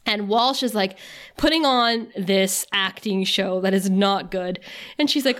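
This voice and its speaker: A woman's voice: medium pitch, a little slow. A woman co-hosting a podcast, recapping an episode in casual chat, laughing often and saying "like" a lot. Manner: chatty, laughs often, filler "like". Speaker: podcast co-host.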